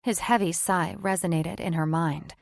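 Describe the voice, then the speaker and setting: A woman's voice: fairly low pitch, steady tone, moderate pace, vocal fry, dry recording. Woman narrating a fantasy audiobook, dry. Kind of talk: scripted narration.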